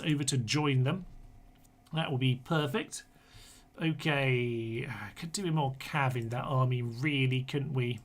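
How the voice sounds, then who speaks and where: A man talks his way through a strategy game on a live stream, in a relaxed and rambling manner. His voice sits at an ordinary middle pitch. He drifts into chatty, self-mocking asides as he goes. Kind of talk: casual live-stream commentary.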